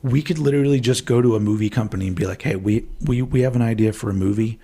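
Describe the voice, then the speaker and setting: Husky, rambling male podcast co-host. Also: mid-range voice, fast, warm tone. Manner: rambling, jokey, laughs often. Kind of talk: casual podcast chat.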